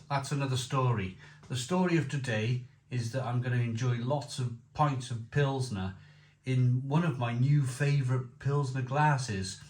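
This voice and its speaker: A man's voice: mid-range voice, measured pace, a little mellow. A man reviewing a beer in casual chat, enthusiastic, repeating himself and rambling. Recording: echoey room with faint noise.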